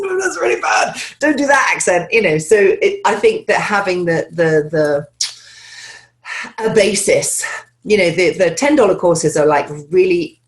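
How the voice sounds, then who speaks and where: A woman speaking as an accent coach in an interview, chatting loosely with many "you know" fillers, over a video call. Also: lowish voice. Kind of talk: conversational interview answers.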